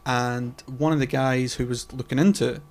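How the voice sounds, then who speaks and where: A man's voice: mid-range voice, steady tone, normal speed. A man co-hosting a casual podcast chat, rambling with lots of fillers, restarts and casual swearing. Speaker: podcast co-host.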